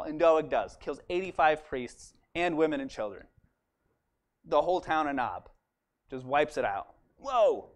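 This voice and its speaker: A man in a church, retelling a Bible story in a chatty, animated way and often asking "right?". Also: fairly high pitch, moderate pace. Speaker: church speaker. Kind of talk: casual storytelling sermon.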